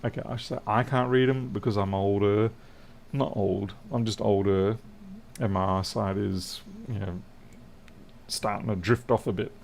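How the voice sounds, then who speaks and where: Middle-aged aussie guy rambling on a workshop stream, low gravelly voice, faint hum behind. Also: steady tone, moderate pace, a little mellow. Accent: Australian. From Australia. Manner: rambling, self-deprecating, chatty. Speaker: electronics repair streamer. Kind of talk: casual livestream chat. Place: indoor workshop.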